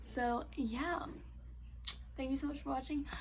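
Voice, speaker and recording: Young woman on a storytime vlog, chatty, lots of "like", cusses a bunch, kinda high voice. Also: a little slow, slight background noise. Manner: casual, animated, says "like" a lot, swears freely. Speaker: vlogger.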